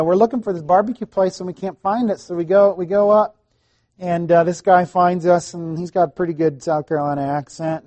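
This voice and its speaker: A man's voice: on the high side, a little mellow, no room sound. A middle-aged man preaching a sermon in a conversational way, with asides and restarts. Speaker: pastor.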